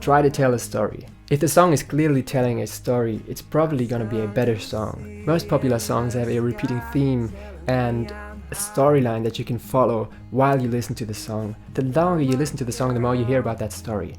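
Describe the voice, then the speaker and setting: A man's voice: medium pitch, fairly quick. A young man from Germany, chatting upbeat and jokey as he answers viewer questions in a vlog. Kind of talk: casual Q&A vlog. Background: faint guitar music.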